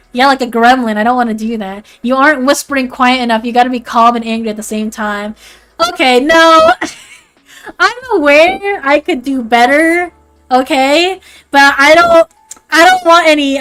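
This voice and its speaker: A young woman with a high voice chats on a livestream, rambling and animated. She leans on filler words, swears freely and keeps the talk loose and unscripted. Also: smooth. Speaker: VTuber streamer. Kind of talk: casual livestream chat.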